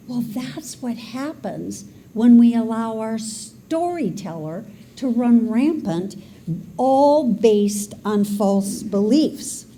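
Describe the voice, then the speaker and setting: Slow, mellow-voiced woman minister. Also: a little high, slight background noise. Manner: dramatic, expressive delivery; leads the congregation in call and response. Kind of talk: sermon.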